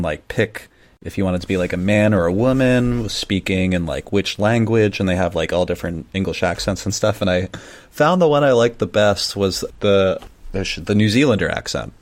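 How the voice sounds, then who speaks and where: A man with a Midwestern American accent, co-hosting a podcast in rambling, self-deprecating casual chat. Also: low voice. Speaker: podcast co-host.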